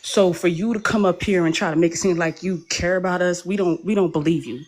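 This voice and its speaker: A woman's voice: lowish voice, fairly quick, a little mellow. A woman from the United States, a panelist in a live audio debate, talking in a heated, blunt, confrontational way.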